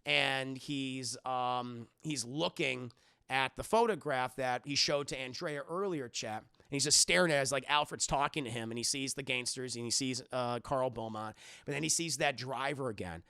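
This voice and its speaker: Man, movie recap stream, very gravelly, bright tone, rambling, fillers, profane, dry close mic. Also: mid-range voice, moderate pace, dry recording. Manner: rambling and profane, full of fillers, addresses chat.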